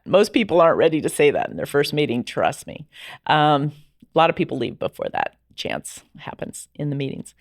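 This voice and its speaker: A middle-aged woman telling her personal story as a podcast guest, lively and acting out the dialogue she remembers. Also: on the low side, gravelly, no echo, clean studio sound. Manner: animated, acts out quoted dialogue.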